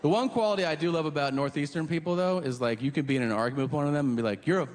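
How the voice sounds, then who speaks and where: A man's voice: on the high side, racing, darkish tone. A man doing a stand-up comedy set, profane and mocking, often slipping into the voices of the people he describes. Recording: live hall recording with reverb.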